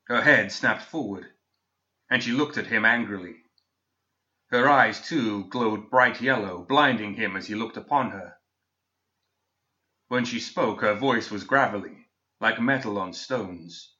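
This is scripted fantasy narration read by a man at a medium pitch. His reading stays steady and measured, and the recording sounds muffled and lo-fi.

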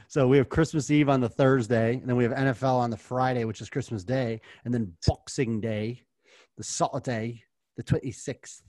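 A man's voice: medium pitch, steady tone, normal speed, a little mellow, dry recording, studio quality. American man, casual sports podcast host. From United States.

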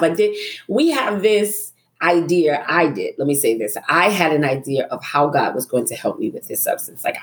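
Low-voiced woman telling her story. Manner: animated storyteller, acts out her own thoughts and often laughs. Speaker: podcast guest, author. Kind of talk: personal story in a podcast interview.

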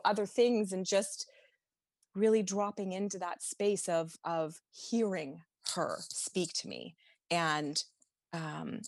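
A woman's voice: on the low side, darkish tone, no room sound, clean studio sound. A woman guest on a podcast telling a personal story openly and emotionally, laughing now and then as she talks. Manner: open, emotional, laughs while recalling.

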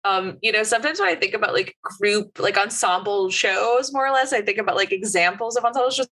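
A woman with a bright, crisp voice chatting casually during a game session. She rambles through her thoughts and leans on "like" over and over. Her pitch stays in an ordinary middle range. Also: brisk, poor audio. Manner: rambling, lots of "like". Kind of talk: casual chat.

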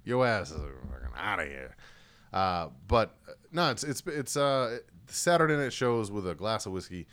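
A man's voice: fairly low pitch, sing-song, normal speed, fairly bright tone. A man hosting a casual podcast, telling rambling, profane stories. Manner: profane, rambling storytelling with laughs. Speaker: podcast host. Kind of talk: casual chat.

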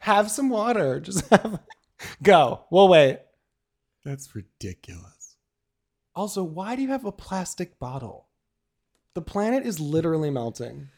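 A young adult podcast co-host, a woman, teasing her partner in quick casual banter and laughing often. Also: on the low side, big pitch swings, a little mellow. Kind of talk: casual chat.

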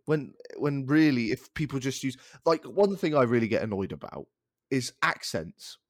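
A man sounding off in an exasperated rant, his pitch swinging widely as he gets worked up. He swears casually, and his voice sits dry and close to the mic, with no room around it. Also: expressive, moderate pace, no room sound. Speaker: podcast co-host. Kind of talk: casual chat.

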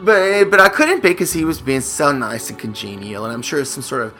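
A man's voice: mid-range voice, expressive, a little fast, sharp tone, faint music behind. A man co-hosting a podcast in casual chat, telling long rambling stories and swearing casually. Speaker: podcast co-host.

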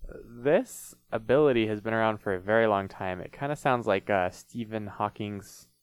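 Smooth low-voiced man musing on a podcast. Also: moderate pace, no echo. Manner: musing, uses many fillers. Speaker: podcast co-host. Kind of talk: casual chat.

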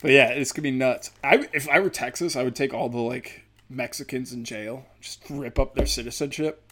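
A man's voice: medium pitch, moderate pace, a bit bright, a little hiss or hum. A man hosting a casual comedic rant, profane, rambling and darkly sarcastic.

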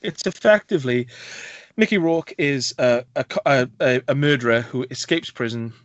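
British bloke rattling thru film picks, dead dry room, kinda muffled lo-fi sound. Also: male voice, mid-range voice, no room sound. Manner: chatty, quick asides, self-deprecating humour. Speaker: podcast co-host. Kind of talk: casual film review chat. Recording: dry, dull lo-fi mic.

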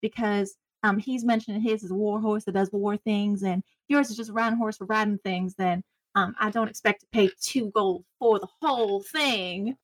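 A woman playing a lively, folksy adventurer who haggles over price. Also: medium pitch, normal speed, no room sound, clean studio sound, natural voice. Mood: bargaining.

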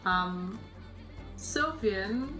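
A woman narrating as game master of a tabletop role-playing game, calm and unhurried, with frequent ums. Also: mid-range voice, roomy sound, faint music behind, rough recording.

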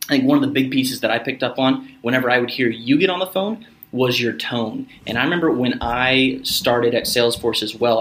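A man's voice: medium pitch, fairly bright tone. A man who works in sales, talking earnestly in a casual conversation and sometimes acting out phone calls. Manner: earnest, acts out phone lines. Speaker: guest, salesperson.

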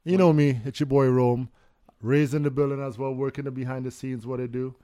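A man's voice: medium pitch, fairly even intonation, brisk, warm tone, no room sound. Upbeat male podcast host, mid-range voice, close dry mic. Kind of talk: casual chat.

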